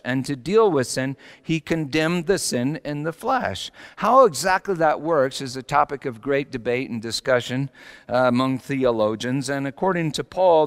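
A man preaching a sermon as pastor, confessional and swinging from quiet reflection into animated, rising intensity. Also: medium pitch. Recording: long hall reverb.

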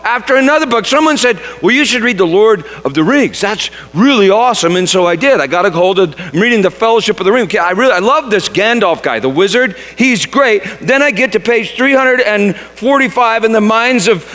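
A very high, bright-voiced man preaches in a storytelling way, reading passages with dramatic flair and often tripping over and repeating his words. His voice swoops up and down a lot, and a long reverb trails behind it as if he were in a big hall. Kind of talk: storytelling sermon.

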